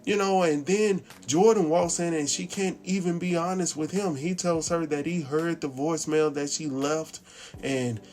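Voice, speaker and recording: A man's voice: fairly high pitch, steady tone, moderate pace, darkish tone. A man giving a casual episode recap, retelling scenes in a chatty way with quoted dialogue and his own asides. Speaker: TV recap host.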